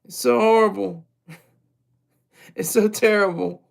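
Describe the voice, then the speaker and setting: A man's voice: sits high, slow, vocal fry. A man streaming a crude, mocking, rambling commentary rant.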